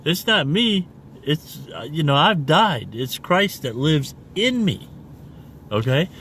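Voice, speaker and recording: A man records himself preaching in a loose, rambling way, stopping after nearly every point to ask "okay?". He talks slowly and now and then spells words out one letter at a time. Faint vehicle noise hums behind him. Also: fairly high pitch, big pitch swings, fairly bright tone. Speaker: self-made online preacher. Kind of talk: casual video review and preaching.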